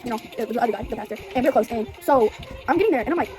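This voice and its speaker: A young woman vlogger telling a rambling, excited storytime full of fillers while she gets ready. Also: fairly high pitch, racing. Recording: music playing in the background.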